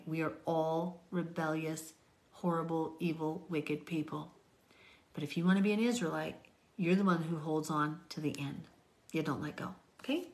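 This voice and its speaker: A woman's voice: deep voice, steady tone, normal speed. A woman teaching from the Bible, reading scripture aloud and commenting in an earnest, pleading way that sometimes drops to a whisper.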